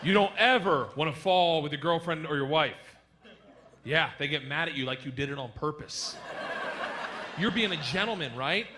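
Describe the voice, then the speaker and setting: A male stand-up comic on a club stage, loud and animated, laughing through his own lines. His voice runs high and leaps all over the place. The recording is a noisy live club take. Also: moderate pace. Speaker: stand-up comedian. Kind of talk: stand-up comedy set.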